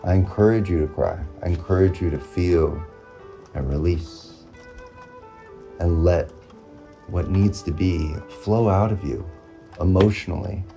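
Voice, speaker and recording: A male motivational vlogger with a very low, dark voice delivers a reflective monologue over faint music. He sounds earnest and repetitive, pausing often and drawing out his phrases.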